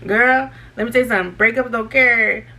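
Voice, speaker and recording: Bright lively young woman vlogger. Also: on the high side, fairly quick. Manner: animated, laughing, talks to viewers as girl and y'all. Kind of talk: storytime chat while doing makeup.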